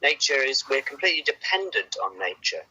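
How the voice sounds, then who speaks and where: Male doctor, earnest and halting, husky edge; dull lo-fi recording. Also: mid-range voice, very animated, sharp tone. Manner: earnest, hesitant, repeats words. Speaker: doctor guest on a podcast. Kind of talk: casual conversation.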